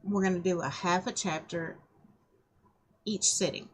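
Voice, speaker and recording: A woman's voice: lowish voice, fairly even intonation, a little slow, slightly rough. Woman with a scratchy throat reading aloud. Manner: casual, welcoming to viewers. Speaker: author reading her own novel.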